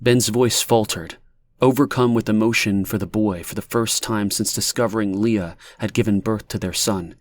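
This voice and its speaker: A man narrating a dark fiction audiobook in a steady, measured reading. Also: lowish voice.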